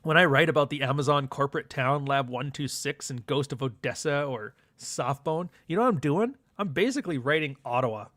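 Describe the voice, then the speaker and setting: A man's voice: on the high side, expressive, a little fast, hardly any pauses, fairly bright tone, no echo, studio quality. A young man, hosting a livestream in a sardonic, profane, rambling monologue. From Canada. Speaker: livestream host. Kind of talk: casual ranting monologue.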